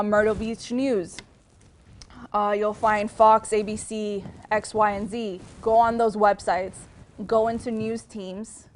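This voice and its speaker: Speaking in a mid-range, somewhat dark voice, a young woman from Miami who works as a TV news reporter gives students relaxed, chatty advice. She often says "um" and starts her sentences over.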